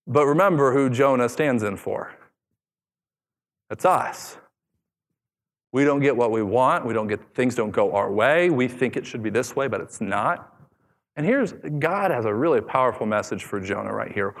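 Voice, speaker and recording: Brief: thirties male pastor, lively sermon delivery, slightly high voice, long hall reverb. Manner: animated, acts out scripture voices.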